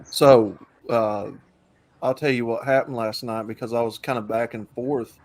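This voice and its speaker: A man's voice: mid-range voice, fairly even intonation, normal speed, darkish tone. A man hosting an online talk stream, chatting casually in a loose, rambling way with many fillers. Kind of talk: casual chat.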